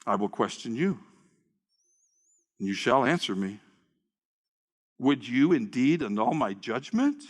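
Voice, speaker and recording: A pastor voicing God, questioning a man in a slow, commanding way during a sermon. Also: very animated, long reverb tail. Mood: stern. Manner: slow, booming, challenging questions. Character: God speaking from the whirlwind, stern and commanding.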